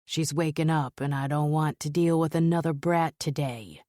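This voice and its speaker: A woman voicing an irritable male gangster who talks in a gruff, grumbling way in an audiobook. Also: low-pitched, fairly even intonation, normal speed, a little mellow, no room sound, clean studio sound, natural voice. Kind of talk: audiobook character voice.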